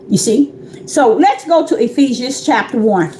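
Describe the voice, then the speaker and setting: With a high voice, lively intonation, and a normal pace, this woman preaches as a self-proclaimed prophetess in an informal livestream. The tone is a little mellow, the room echoes, and there's a touch of hiss or hum, while she speaks conversationally and repetitively to her audience.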